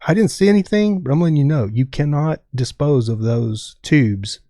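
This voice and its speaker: A man's voice: on the high side, moderate pace, dark tone, no room sound, clean studio sound, lightly acted. A man putting on the voice of a state trooper warning him about dumping bulbs. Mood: stern. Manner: firm, warning. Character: stern male state trooper.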